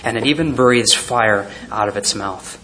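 A pastor preaches a sermon, reading scripture aloud and often chuckling as he pictures the scenes, with hesitant fillers and restarts. His voice is fairly low, a little slow, pushed and bright.

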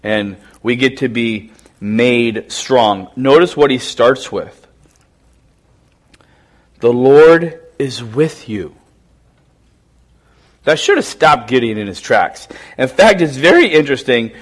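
A man preaching a sermon, impassioned and shifting from hushed reflection to emphatic appeal. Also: mid-range voice, expressive, measured pace. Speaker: pastor.

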